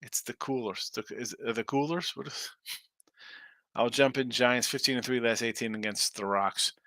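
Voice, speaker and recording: A fast-talking, brash man hosts a sports betting show, sarcastically chatting as he reads the live-stream chat in a casual way. His medium-pitched voice has a steady, sharp tone, and the studio-quality recording carries no echo.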